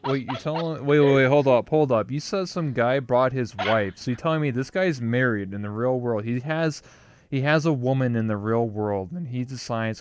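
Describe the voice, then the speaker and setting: A man hosting a casual chat show, blunt and jokey, reacting loudly and swearing often. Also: mid-range voice, normal speed. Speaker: host.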